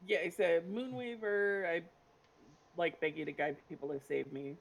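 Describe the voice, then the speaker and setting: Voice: medium pitch, fairly even intonation, moderate pace, gravelly, low-quality recording. A player in a tabletop game who talks casually, with many fillers.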